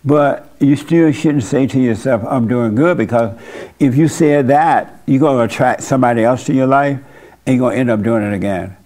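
A man's voice: medium pitch, normal speed, mellow. A man leading an informal church service, talking bluntly and conversationally with his congregation in a folksy way. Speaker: pastor.

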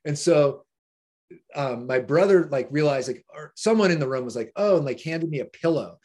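A man's voice: a little high, animated, normal speed, darkish tone, slightly rough. A man, a podcast guest, telling a story in a loose, casual way, swearing often, laughing along and filling his talk with "like". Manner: profane, laughing, heavy use of "like".

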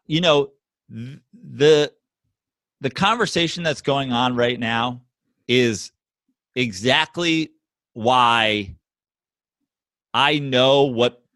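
A man co-hosting a sports podcast, arguing loudly and mockingly, swearing and mimicking others in shouted voices. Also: mid-range voice, slow, pauses often, no room sound. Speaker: podcast co-host. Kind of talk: heated sports debate.

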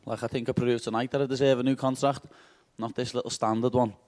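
A man's voice: mid-range voice, little pitch movement, fast talker, darkish tone. A man with a Liverpool accent answering press conference questions after a fight, brash and cheeky and swearing freely.

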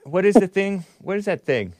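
A man's voice: high-pitched, expressive, normal speed, darkish tone, no room sound, clean studio sound. A man hosting a call-in talk show, rambling and musing aloud while he laughs at his own remarks. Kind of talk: casual call-in show chat.

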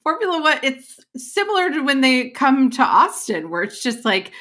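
A woman co-hosting a casual sports chat podcast. Her voice is high and lively, with a bright, sharp edge. She adds quick asides and laughs easily. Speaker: podcast co-host.

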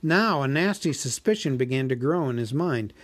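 A man reading a classic novel aloud in a measured narrating voice. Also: medium pitch, expressive. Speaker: reader.

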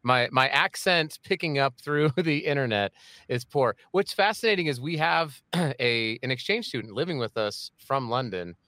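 A man's voice: medium pitch, lively intonation, moderate pace, bright, forceful tone, dry recording, clean studio sound. A man hosting a podcast interview, chatty and jokey, with rambling asides. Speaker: podcast host. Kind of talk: casual interview chat.

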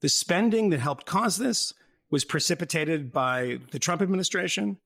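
Guy with a gravelly slightly high voice, rambly and sarcastic, laughing a lot, dry close sound. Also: lively intonation, moderate pace, fairly bright tone, no room sound. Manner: rambling, sardonic, laughs often. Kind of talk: casual political chat.

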